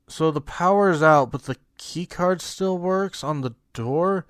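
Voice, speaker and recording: A man's voice: a little high, animated, a little slow, few pauses, no echo, clean studio sound. Sarcastic young man reviewing a movie. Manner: exasperated, sarcastic, swings between loud outbursts and mumbled confusion. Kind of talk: comedic movie review narration.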